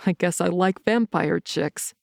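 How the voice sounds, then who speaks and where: A woman voicing a protective, blunt young male werewolf in an audiobook, speaking a little lower and in an earnest, steady way. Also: a little slow, vocal fry, no echo, studio quality. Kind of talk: audiobook character reading.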